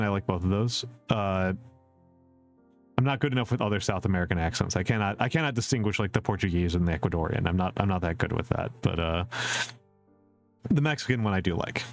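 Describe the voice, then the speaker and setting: A man from the Upper Midwest of the US chatting casually on a live stream, rambling and repeating himself with lots of fillers. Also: lowish voice. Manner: chuckles at his own jokes. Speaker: VTuber streamer answering viewer questions.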